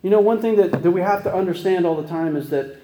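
A man's voice: high voice, fast, roomy sound, noisy background. A man preaching a casual sermon, chatty and folksy, with many restarts and laughing at himself as he tells stories.

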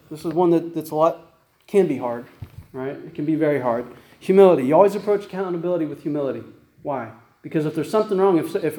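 Man, pastor, sermon, high voice, echoey room, keeps asking "right?". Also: warm tone. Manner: conversational, repeats "right?" and "guess what?".

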